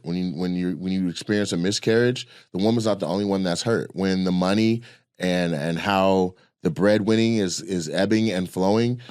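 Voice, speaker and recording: Low-voiced man in loose animated chat. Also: no room sound, clean studio sound. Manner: loose, animated storytelling with quoted voices and swearing. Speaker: comedian and podcast co-host. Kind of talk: casual opinion chat.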